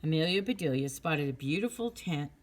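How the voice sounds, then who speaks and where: A woman narrating a children's chapter book in a clear, steady storytelling manner. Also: deep voice, fairly quick.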